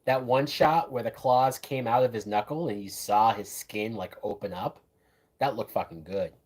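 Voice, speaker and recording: A man hosts a live watch-along of a film, reacting with casual, enthusiastic commentary full of profanity as the movie plays. He speaks at a moderate pace in a lowish, slightly mellow voice.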